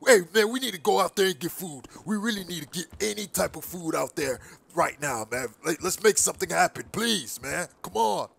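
A man voicing a pushy, complaining street guy stuck in a hideout, with a gravelly, husky voice. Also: high voice, lively intonation, fairly quick, hardly any pauses, fairly bright tone, exaggerated voice. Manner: pushy, complaining, swears often.

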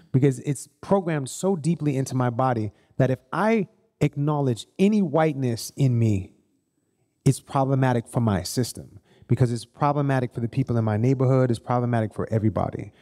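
A man's voice: mid-range voice, fairly quick. A man hosting a live group session, telling blunt stories with swearing at an event. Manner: animated, blunt storytelling with swearing. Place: event hall. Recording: long hall reverb at a live event.

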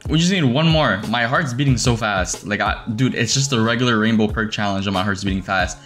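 A young man giving casual commentary over his game, excitable and swearing, breaking into shrieks when he finds something. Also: lowish voice, fairly quick, faint music behind. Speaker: gaming streamer.

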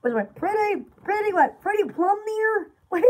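Lady chatting thru a live shop sale, really high voice, bouncy and giggly. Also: very animated, moderate pace, darkish tone. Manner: giggly, chatty, rambling, reads product lists aloud. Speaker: online shop host selling bath products. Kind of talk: casual live sales chat.

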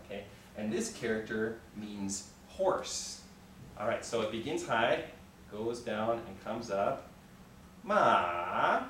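A man's voice: lowish voice, slow, background noise. A man teaching a Mandarin class, patiently leading students through repeat-after-me drills and encouraging them often. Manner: patient, encouraging, frequent "okay" checks. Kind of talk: classroom language lesson, call and response. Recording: echoey room, recorded from far off.

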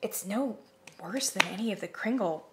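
A woman chatting casually to camera as she reviews candles, animated, now and then dropping to a whisper. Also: mid-range voice, moderate pace, background noise. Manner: chatty, animated, swearing, drops into whispers and mock voices.

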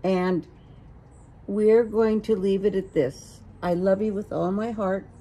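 Older lady chatting slow and gentle, telling a funny story. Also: mid-range voice, steady tone, low-quality recording. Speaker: guest, the host's mother. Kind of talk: casual family conversation.

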